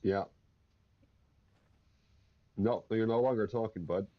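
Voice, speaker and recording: A man's voice: on the low side, takes it slowly, no room sound. A man on voice chat who ribs the others in a blunt, casual way. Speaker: stream guest on voice chat. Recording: dull dry lo-fi mic.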